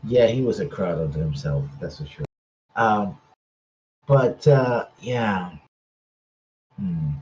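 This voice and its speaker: A man at a tabletop game who talks haltingly and trails off, with many fillers. His voice is low and mellow. A muffled lo-fi mic dulls the sound. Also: expressive. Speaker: player. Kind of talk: tabletop role-play.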